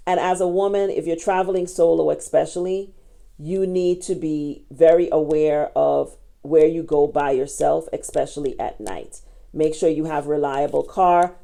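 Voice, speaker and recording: A woman's voice: low-pitched, vocal fry, dark tone. A woman travel vlogger giving frank, opinionated, practical advice straight to camera.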